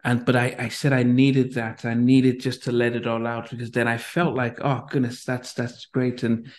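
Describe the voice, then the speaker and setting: A middle-aged man from Nigeria, hosting an interview and sharing a personal story in a gentle, reflective way. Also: medium pitch, little pitch movement, moderate pace. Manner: gentle, reflective, many restarts. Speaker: podcast host. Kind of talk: conversational interview.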